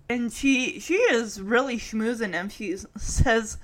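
A woman podcaster casually retelling a sitcom episode, chatty and animated, often laughing and quoting the characters. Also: a little high, takes it slowly, hardly any pauses. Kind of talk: casual chat.

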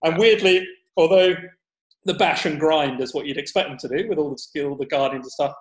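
A man's voice: fairly high pitch, brisk, reverberant, rough recording. A man hosting a podcast, casual, joking and swearing, laughing often. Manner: jokey, sweary, laughs a lot. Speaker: podcast host.

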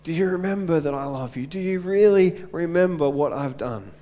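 A man voicing God speaking gently to a man, softly and reassuringly. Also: a little high, lively intonation, moderate pace, in a large hall, lightly acted. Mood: gentle.

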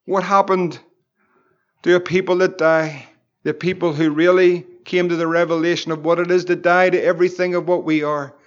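A Northern Irish man, a pastor, preaching a Bible study with fervent exclamations and slow, emphatic repetitions. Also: on the high side, highs cut off.

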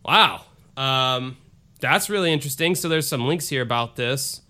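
A man's voice: medium pitch, expressive, normal speed, bright, forceful tone. A male podcast host reading listener emails aloud in a loose, casual way, swearing and breaking off into asides. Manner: loose and profane, with restarts and asides.

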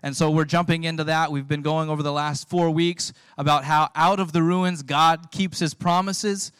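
A man preaching a sermon as the pastor, telling lively stories and laughing as he goes. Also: a little high, moderate pace, smooth, no echo. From California. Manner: storytelling, animated, laughs often.

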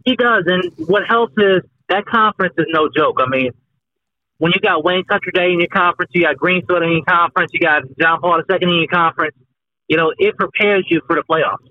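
Male phone-in guest, tinny line with wind noise, relaxed and chatty. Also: sits high, brisk. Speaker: guest sports reporter. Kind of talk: casual phone-in chat. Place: on the road, heading to work.

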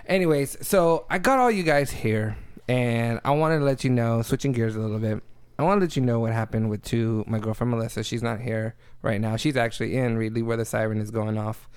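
A man's voice: medium pitch, brisk, darkish tone, clean tone. A man hosting a podcast, telling a story casually, cursing and restarting his sentences as he goes. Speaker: podcast host. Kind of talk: casual chat.

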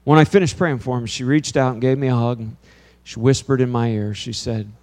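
A man in his fifties, a pastor preaching to a congregation, telling a lively story, then turning quiet and earnest. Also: medium pitch, brisk, few pauses. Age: 50s. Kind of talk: sermon with storytelling. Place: church before a congregation.

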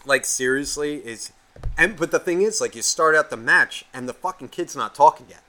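A man co-hosting a podcast, telling a gaming story in animated, profanity-heavy casual chat. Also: on the high side, normal speed. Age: adult, past eighteen. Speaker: podcast co-host.

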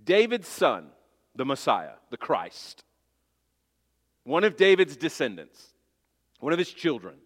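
A man's voice: fairly high pitch, huge pitch swings, measured pace, pauses often, a bit bright. Earnest preaching man in a reverberant hall. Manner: earnest, emphatic preaching with rhetorical questions. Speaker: pastor. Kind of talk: sermon.

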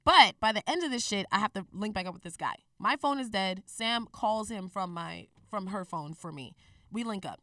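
A young woman in her twenties telling a personal story in a candid, profane, animated way on a casual talk show. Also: medium pitch, normal speed, dry recording, studio quality, distant mic.

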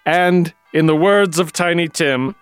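A man narrating a comic storybook tale in a mock-solemn, halting way. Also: a little high, smooth, dry recording, faint music behind.

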